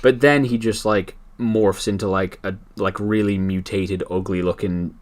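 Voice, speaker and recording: A man's voice: low-pitched, steady tone, measured pace. A man hosting a casual podcast, animatedly retelling a story and laughing often. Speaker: podcast host.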